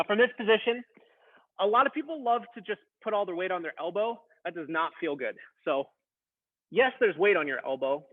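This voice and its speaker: A man instructing a beginner workout, coaching in a casual, encouraging way while straining through a plank. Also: high voice. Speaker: fitness instructor. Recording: tinny phone-like sound.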